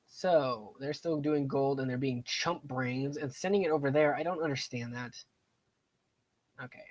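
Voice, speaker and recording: A man's voice: medium pitch, low-quality recording. Young man rambling over a strategy game. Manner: rambling, digressive, talks to himself about the game. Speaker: game streamer. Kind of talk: casual gameplay commentary.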